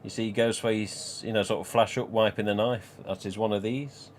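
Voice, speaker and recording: Slight background noise accompanies a man whose voice runs on the low side, steady in tone and moderate in pace. He's a collector hosting a live stream, rambling casually and laughing frequently.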